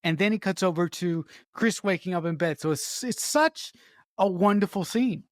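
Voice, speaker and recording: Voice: mid-range voice, normal speed, dry recording, studio quality. Enthusiastic podcast co-host praising a scene. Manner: enthusiastic, repeats words while searching. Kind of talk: casual movie discussion.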